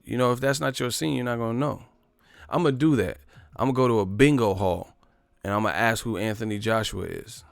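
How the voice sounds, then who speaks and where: Profane, rambling male storyteller, gravelly. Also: medium pitch, brisk, no echo, clean studio sound. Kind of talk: casual comedic storytelling monologue.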